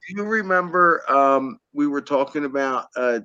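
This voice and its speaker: A man's voice: fairly high pitch, lively intonation, normal speed, sharp tone, smooth, no echo. A man hosting a podcast in casual chat, easygoing and joking with his guest. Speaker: podcast host. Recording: dull lo-fi audio.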